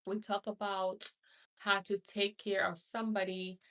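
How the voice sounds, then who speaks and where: A woman's voice: medium pitch, flat delivery, a little slow, fairly bright tone, recorded from a distance. A woman from Haiti, a hospice nurse, hosting a casual live stream who rambles, repeats herself and greets viewers by name. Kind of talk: casual livestream chat.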